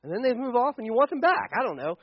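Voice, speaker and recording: A man preaching a lively, joking sermon as pastor to a congregation, with frequent restarts. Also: very high-pitched, racing, breathy edge, no room sound, muffled recording.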